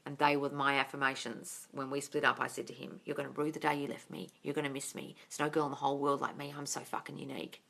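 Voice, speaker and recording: A woman's voice: a bass voice, flat delivery, quick pace, gravelly, few pauses, a bit bright. A woman, hosting a live-stream Q&A as a manifestation coach. She reads out viewers' comments and answers them in a bubbly way, squealing and laughing often.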